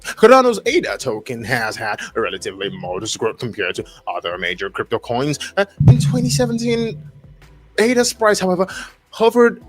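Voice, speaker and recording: Man, livestream host, lively up-and-down voice, reads text with stumbles and restarts, faint background music. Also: mid-range voice. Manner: reads haltingly with many fillers and restarts, breaking off to react and greet chat. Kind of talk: casual livestream, reading an article aloud.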